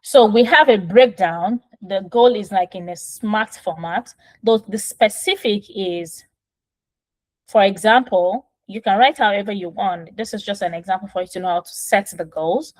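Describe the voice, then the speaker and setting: A woman's voice: medium pitch, moderate pace, no room sound, poor audio. Woman, parenting coach, casual instructive talk, patient and step-by-step, phone mic in a dead-dry room. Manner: patient, step-by-step explaining with frequent "right?".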